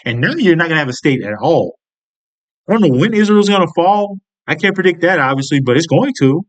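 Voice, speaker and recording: A man's voice: on the high side, lively intonation, fairly quick. An American man giving casual, profane commentary, blunt and incredulous. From United States.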